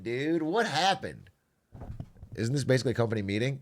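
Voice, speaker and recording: A man's voice: mid-range voice, big pitch swings, fairly quick, pauses often. A young man chatting casually on his stream, sarcastic and laughing often.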